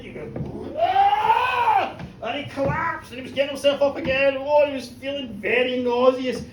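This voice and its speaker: A storyteller telling a comic horror tale live to a pub audience, animated and teasing the listeners. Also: high voice, slight background noise. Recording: echoey pub room, distant mic.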